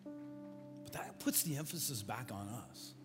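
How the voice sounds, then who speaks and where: A man's voice: medium pitch, lively intonation, slow. Earnest male pastor in a reverberant church. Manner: earnest, builds to emphatic repetition. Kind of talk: sermon and prayer. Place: large church with balcony. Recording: long church reverb with music.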